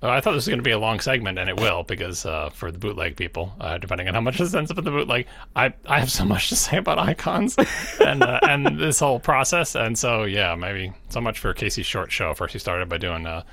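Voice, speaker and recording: A man co-hosting a podcast, teasing and wry, his bright voice carrying a gravelly edge. His pitch moves a lot, and the sound is dry and close. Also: animated, fairly quick, dry recording. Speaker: podcast co-host. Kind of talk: casual podcast chat.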